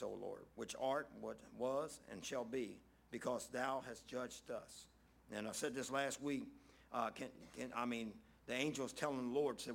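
A man's voice: medium pitch, gravelly. A man preaching a casual, conversational sermon, folksy, often repeating phrases for emphasis.

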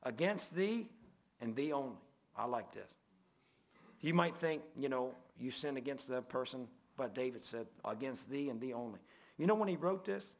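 Gravelly folksy male preacher. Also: lively intonation, moderate pace. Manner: folksy preaching, rising loud then dropping low and quiet. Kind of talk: sermon.

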